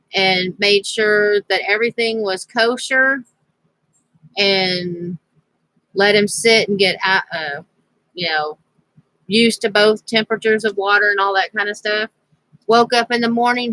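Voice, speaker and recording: A woman's voice: medium pitch, bright, forceful tone, no room sound, low-quality recording. A woman vlogger telling a rambling personal story in a casual, chatty way, laughing now and then. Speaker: crafting vlogger.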